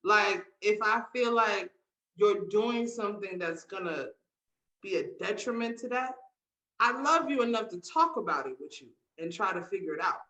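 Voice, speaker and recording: Bright-voiced woman telling stories emphatically. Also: mid-range voice, lively intonation, normal speed, poor audio. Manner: emphatic storytelling, acting out quotes. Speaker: podcast co-host. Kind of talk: casual candid chat.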